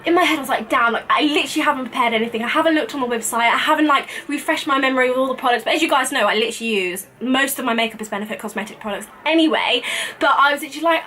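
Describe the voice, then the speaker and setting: Young girl chatting to camera, high-pitched, giggly, does little voices for people she quotes. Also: fast talker, a little hiss or hum. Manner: animated, giggly, acts out quoted lines in a higher voice. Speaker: beauty vlogger. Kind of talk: casual storytelling to camera.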